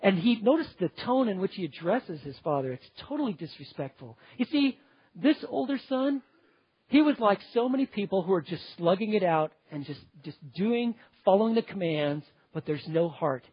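Husky high-voiced man preaching emphatically. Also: lively intonation, normal speed, no echo, muffled recording. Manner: emphatic, earnest, piles up lists of words. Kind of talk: sermon.

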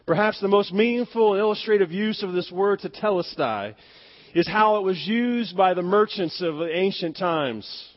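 Guy preaching, kinda high voice, gets real quiet then punches words, asks the crowd to say stuff back, muffled lo-fi audio. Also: moderate pace. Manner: emphatic preaching, swings from soft near-whispers to loud stressed words; asks the congregation to repeat phrases. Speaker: pastor. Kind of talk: sermon. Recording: dull lo-fi sound.

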